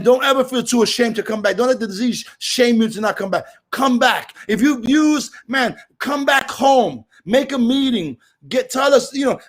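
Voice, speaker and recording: A middle-aged man from Brooklyn with a New York accent, sharing at a recovery meeting in a casual, animated way that bursts into shouts. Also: extremely high pitch.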